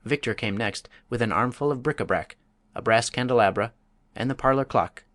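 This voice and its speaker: A man's voice: mid-range voice, a little fast, fairly bright tone, no echo. Man reading a storybook aloud. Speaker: narrator. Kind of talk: audiobook narration.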